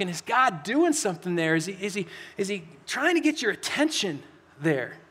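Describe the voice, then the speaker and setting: A man preaches to his congregation in a loose, conversational way, often stumbling over and repeating words as he acts out daily worries. His voice sits unusually high and sounds bright and forceful. The sound carries a long reverb from a large hall. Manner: conversational, repeats words when acting out everyday frustration. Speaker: pastor. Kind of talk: sermon.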